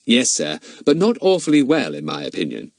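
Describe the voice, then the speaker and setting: A man's voice: medium pitch, huge pitch swings, fairly quick, gravelly, no echo, pitched above the performer's own voice, full character voice. A man voicing a confident, polite schoolboy detective, speaking seriously, in an audiobook reading.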